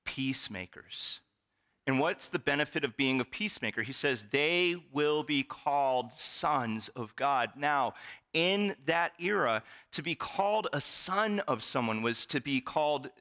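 Bright-voiced animated male preacher. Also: mid-range voice. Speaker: pastor. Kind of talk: sermon.

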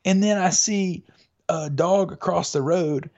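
A man's voice: high voice, a little slow, a little mellow. A man chatting casually as a podcast co-host, telling a rambling story full of fillers and restarts. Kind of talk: casual chat. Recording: dull lo-fi audio.

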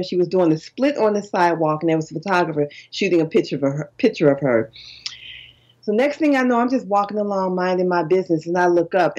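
An older woman with a lowish voice tells stories on a podcast. She is animated and laughs often, acting out her own reactions as she goes. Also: dull audio. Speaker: podcast guest. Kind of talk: casual storytelling interview.

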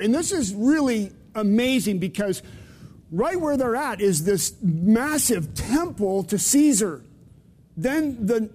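A man's voice: sits high, darkish tone, long reverb tail. A man preaching a sermon to his congregation in a conversational way, putting questions to his listeners. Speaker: pastor. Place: church sanctuary.

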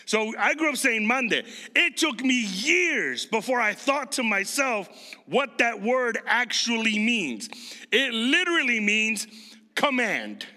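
A man in his thirties from Chicago preaches in a high, very bright voice. He talks to the congregation like a friend and keeps quizzing them. His sermon rings out with the long reverb of a large hall. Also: very animated, slow pace.

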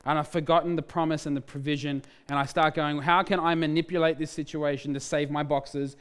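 A man's voice: a little high, steady tone, a little fast, fairly bright tone, smooth. A man, a pastor, telling a candid personal testimony in a sermon, with restarts and self-mocking humor.

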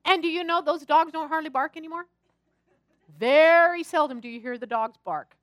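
A woman pastor preaching a sermon, telling personal stories in an animated, chatty and humorous way. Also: sits high, normal speed, dry recording, clean studio sound.

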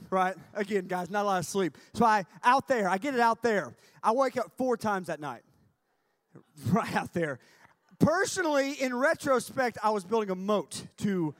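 A man preaching at a youth camp, telling a comic story with shouted punchlines before turning earnest. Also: high-pitched, dry recording.

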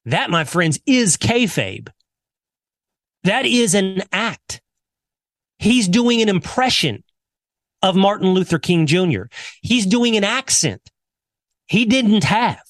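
A male podcast host reads his commentary with mocking, sarcastic punches. His pitch swoops widely from phrase to phrase. The sound is dry and close. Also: big pitch swings, slow, long pauses, a bit bright, no room sound. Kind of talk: scripted commentary segment.

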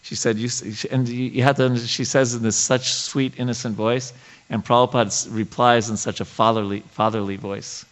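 A man leading a scripture study class, reading passages aloud and explaining them in a halting way, with many fillers and restarts. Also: mid-range voice, flat delivery, low-quality recording.

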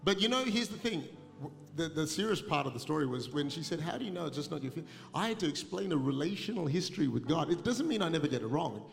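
A middle-aged male pastor telling a funny story in a sermon, animated and laughing as he goes, recorded live in a large church. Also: on the high side, quick pace, creaky. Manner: humorous, animated storytelling, laughing through anecdotes. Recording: live church recording with long reverb and music behind.

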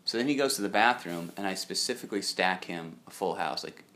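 Deep-voiced yet pushed and bright, this young podcast co-host speaks expressively and fairly quickly. On a casual chat show, he rambles through a lengthy story, voicing others' words himself.

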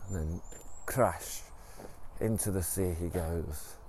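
A man's voice: deep voice, slow, a little mellow, a little hiss or hum. A man retelling a story in a casual, rambling way, with many ums and restarts. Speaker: podcast storyteller.

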